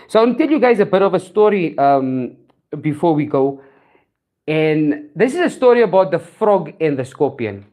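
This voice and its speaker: A woman's voice: lowish voice, darkish tone. A woman host with a South African accent giving an earnest motivational talk, repeating phrases for emphasis. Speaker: show host.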